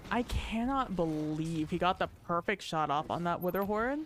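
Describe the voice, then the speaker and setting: A woman streaming live gameplay, talking to her chat in a profane, excitable way with bursts of laughter. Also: on the low side, moderate pace, slight background noise.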